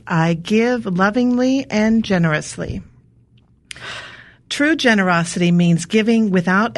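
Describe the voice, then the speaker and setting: A woman guest on a talk show, reading an inspirational devotional in a measured way with slow emphasis. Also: mid-range voice.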